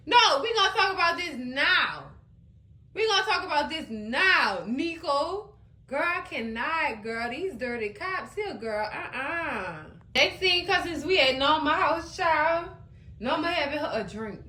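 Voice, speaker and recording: A woman hosting a casual TV recap, animated and exclaiming as she retells the episode. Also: high-pitched, unhurried, echoey room. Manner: animated, exclaiming and laughing between comments. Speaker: TV recap host.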